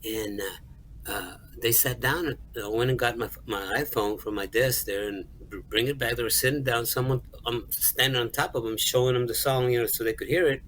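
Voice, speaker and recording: A middle-aged man speaks at an average pitch, telling a personal story as an interview guest. He is earnest and halting, stumbles over repeated words and slips into the voices of the people he quotes. A faint low rumble sits underneath his voice. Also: steady tone, a bit bright, poor audio. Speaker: guest songwriter and music store manager.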